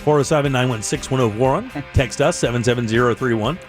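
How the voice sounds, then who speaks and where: A man's voice: mid-range voice, fast talker, soft background music. A middle-aged man hosting a radio show in a studio, chatting casually, laughing often and restarting his sentences. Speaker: radio host.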